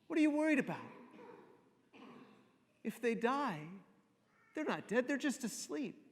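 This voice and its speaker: A preacher voicing a calm, gentle male teacher who soothes a worried listener in a quiet, unhurried voice. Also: extremely high pitch, heavily acted. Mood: soothing. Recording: long reverb of a church hall.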